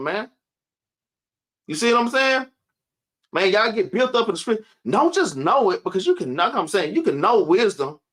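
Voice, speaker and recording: High bright-voiced man preaching casually. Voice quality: casual preaching, repeats "man" at line ends. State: out of breath. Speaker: teacher. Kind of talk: sermon.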